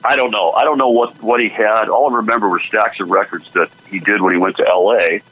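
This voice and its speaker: Husky-voiced man telling stories. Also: on the low side, fairly even intonation, brisk, fairly bright tone, rough recording. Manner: easygoing storyteller, laughs often. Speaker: guest musician. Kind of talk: casual radio chat.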